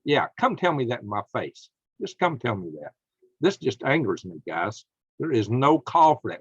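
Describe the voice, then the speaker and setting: A man's voice: mid-range voice, sing-song, moderate pace, slightly rough, no room sound, highs cut off. Indignant man ranting on news. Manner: indignant, emphatic, apologizes to viewers. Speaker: political commentary host. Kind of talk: angry political commentary.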